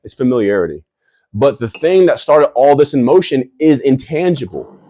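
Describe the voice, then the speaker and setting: Brash, husky-voiced man hosting a livestream. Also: medium pitch, expressive, normal speed. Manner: brash, hyped, slangy with "bro"; bursts into shouting. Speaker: livestream host. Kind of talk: casual livestream Q&A.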